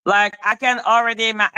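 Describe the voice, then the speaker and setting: High, bright-voiced woman ranting in disbelief. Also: unhurried, smooth, no room sound, poor audio. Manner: exasperated, profane, mocking; repeats questions in disbelief. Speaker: commentary channel host. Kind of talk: ranting reaction commentary.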